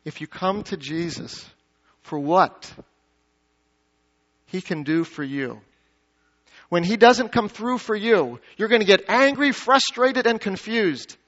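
A man preaches a sermon in a church, his voice set high for a man. He throws questions out to the congregation and swings between emphatic peaks and hushed low asides. The recording sounds dull and lo-fi. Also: lively intonation, slow pace, pauses often. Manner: dynamic preaching, rising to emphatic peaks then dropping low. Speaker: pastor. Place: church sanctuary.

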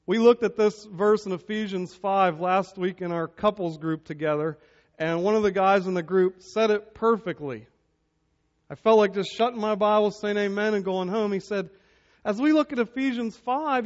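A male pastor preaching a sermon, telling a humorous personal story in an animated way before drawing out its lesson. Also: sits high. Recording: dull lo-fi sermon recording.

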